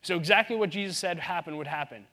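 A man's voice: high voice, fast talker, sharp tone. A man preaching a sermon in an earnest, conversational way, often restarting his sentences. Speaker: pastor.

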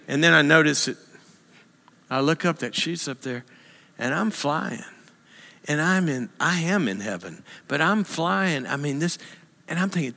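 A man telling a funny story to a church audience, animated and self-mocking, acting out the other people's voices. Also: moderate pace, vocal fry. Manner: animated, self-mocking, acts out voices with big pitch jumps. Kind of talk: humorous storytelling talk. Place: church hall. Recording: long hall reverb.

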